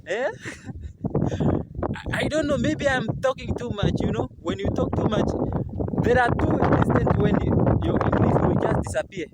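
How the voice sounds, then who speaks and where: A man's voice: very high voice, expressive, unhurried. A man from Namibia, rambling cheerfully to the camera outdoors as a vlogger, laughing often. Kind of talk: casual walking vlog. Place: outdoors, open rural land. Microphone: handheld camera. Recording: heavy wind noise on mic.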